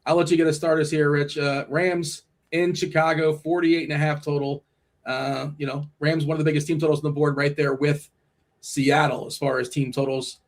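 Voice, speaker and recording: A man's voice: a little high, flat delivery, normal speed. A man hosting a casual sports talk show, leading the segment and reading out numbers with plenty of fillers. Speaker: podcast host.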